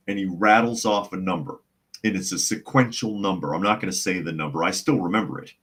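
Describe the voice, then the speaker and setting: A man's voice: low voice, fairly quick, fairly bright tone, breathy edge. A man hosting a live podcast, chatting casually, reading viewer comments aloud and telling long, rambling stories in which he acts out the other people's voices. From United States. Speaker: podcast host.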